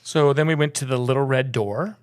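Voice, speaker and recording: A man's voice: medium pitch, fairly quick, clear, resonant tone. A middle-aged man from Minnesota co-hosting a travel podcast, telling stories in a rambling casual chat. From Minnesota, USA. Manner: rambling, storytelling with restarts.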